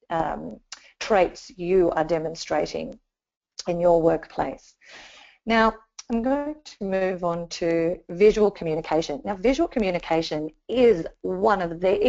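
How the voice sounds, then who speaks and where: A woman's voice: on the low side, a little mellow. A woman giving a communication training webinar, talking conversationally with lots of fillers and restarts. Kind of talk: webinar presentation. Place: home or office, remote webinar. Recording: dull lo-fi webinar audio.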